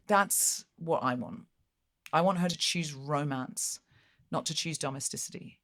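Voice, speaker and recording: A woman with a low voice hosts a chatty podcast. She talks in an animated way and slips into put-on voices to act out lines. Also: unhurried. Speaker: podcast host. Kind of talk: casual chat.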